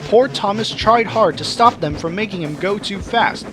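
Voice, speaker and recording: A man narrating a children's railway storybook in a lively, expressive reading. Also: high-pitched, moderate pace, rough recording. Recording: music playing behind.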